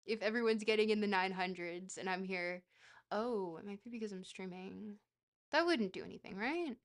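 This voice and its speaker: A woman's voice: mid-range voice, moderate pace. A woman streamer chatting casually while playing a geography guessing game, rambling and poking fun at herself. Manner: rambling, self-mocking, bursts into excited shouts.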